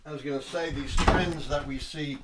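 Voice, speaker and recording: An older man, a professor and commentator, explaining politics in a measured, thoughtful way on a casual live stream. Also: a little high, fairly even intonation, very noisy.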